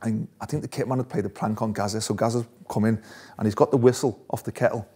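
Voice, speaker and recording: A man's voice: lowish voice, steady tone, quick pace, warm tone, husky. A man, a former footballer, telling stories in a casual interview, laughing often. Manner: chatty, laughs often, restarts phrases.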